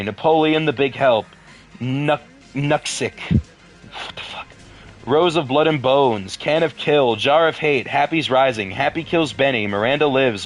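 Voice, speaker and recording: Male video host, mid-range voice, deadpan reader who cuts in with dry, sweary remarks. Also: mid-range voice. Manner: deadpan asides, swears in frustration. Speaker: video creator reading a horror story. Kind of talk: casual reading with commentary.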